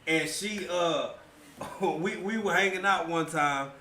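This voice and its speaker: A man's voice: on the high side, slow pace, bright, forceful tone, roomy sound, slight background noise. A man with a Texan accent, co-hosting a casual livestream chat in a laid-back, slangy, laughing way. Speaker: livestream co-host.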